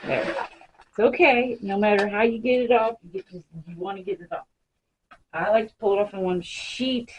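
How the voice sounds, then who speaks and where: A woman's voice: medium pitch, moderate pace. Chatty lady showing a craft trick at home, talks to her cats, noisy background. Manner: chatty, talks to her pets mid-task. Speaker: crafting vlogger. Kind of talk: casual how-to demonstration.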